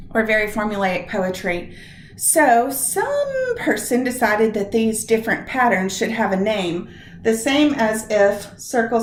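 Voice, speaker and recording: Slow, patient woman teacher in an echoey room. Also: medium pitch, slight background noise. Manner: patient, explains step by step, repeats words slowly to show their stress. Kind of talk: recorded classroom lesson on poetic meter. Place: room with a whiteboard.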